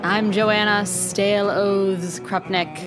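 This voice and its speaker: A woman's voice: medium pitch, steady tone, slow. A young woman with a mid-range voice co-hosts a podcast in a loose, chatty way. She rambles through her thoughts, filling gaps with "like" and "um." Faint music sits under her voice. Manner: rambling and chatty, with many likes and ums. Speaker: podcast co-host. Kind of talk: casual chat.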